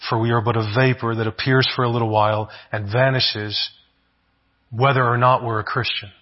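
Husky-voiced man preaching a sermon. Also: medium pitch, flat delivery, moderate pace, highs cut off. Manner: earnest, repeats words, asks "right?" often. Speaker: pastor.

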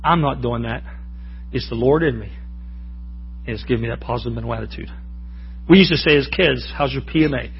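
A man's voice: medium pitch, a little fast, gravelly, long pauses, muffled recording, slight background noise. A man preaching a sermon in a folksy, joking way, often calling out to the congregation for an amen. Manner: folksy, joking, asks the crowd for amens.

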